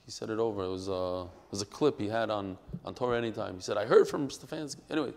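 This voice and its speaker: A man teaching a daily Talmud class to a live group. He talks in an animated, emphatic way, mixes Hebrew and Yiddish terms into English, and tells stories. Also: fairly low pitch, fast, gravelly, in a large hall.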